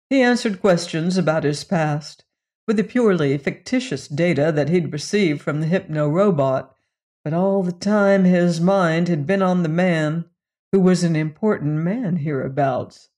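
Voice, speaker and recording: A man reading a science fiction western story aloud in an unhurried, measured way. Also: on the high side, darkish tone. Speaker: audiobook narrator. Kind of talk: scripted narration of a western sci-fi story.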